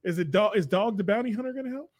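A man's voice: sits high, racing, darkish tone, no echo, studio quality. A man who is a guest on a comedy podcast, chatting casually, laughing a lot and cracking crude jokes.

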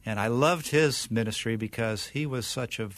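An older man speaks as a guest minister in a dry, close-miked studio. He tells stories at an easy, conversational pitch, restarting his sentences along the way and chuckling now and then. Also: normal speed, a bit bright, dry recording. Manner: storytelling, chuckles, restarts often. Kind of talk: casual interview conversation.

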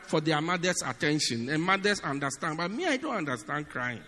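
Guy preaching, bright sharp voice, jokey and animated, keeps asking do you get it. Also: on the high side, fairly quick. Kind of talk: sermon. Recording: long reverb of a large hall.

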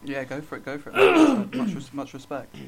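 A man co-hosting an improvised comedy sketch, playing everything mock-earnest and hammy. His voice sits a little high. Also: wildly swooping pitch, moderate pace. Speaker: comedy podcast co-host.

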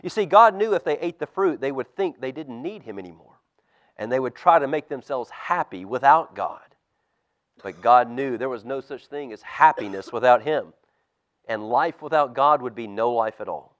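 Pastor guy reading a kids bible story in church, really expressive, loud then soft. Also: mid-range voice, moderate pace. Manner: expressive storytelling, lively swings in loudness.

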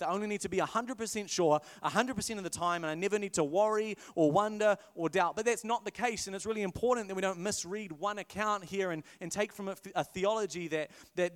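Male pastor, high voice, chatty and playful sermon delivery, long hall reverb. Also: quick pace, few pauses. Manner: conversational, playful, self-correcting.

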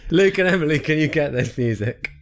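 A man's voice: fairly high pitch, animated, a little fast, noisy background. Male quiz host, chatty and playful, laughs a lot. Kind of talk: casual podcast quiz.

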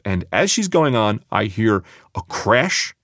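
A man telling a personal story aloud, animated and acting out the people in it. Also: on the low side, takes it slowly, a little hiss or hum.

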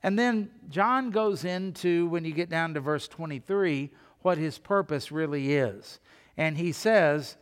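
A man's voice: on the high side, measured pace, smooth, in a large hall. A man preaching a sermon as pastor, telling stories in a folksy, conversational way. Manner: folksy storytelling with asides.

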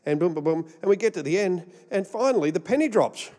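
An Australian man preaching with a slightly high voice, his words ringing out with a long hall reverb. He spins rambling, jokey stories as a pastor and laughs at his own punchlines. His sermon sounds like a live talk to a crowd. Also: animated, quick pace, a little mellow. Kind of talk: humorous storytelling sermon.

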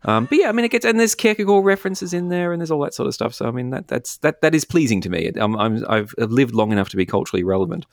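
A man's voice: mid-range voice, very animated, rapid-fire, few pauses, no echo, clean studio sound. A man with an Australian accent, a philosopher guest chatting casually, rambling and self-deprecating with frequent laughs. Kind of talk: casual chat.

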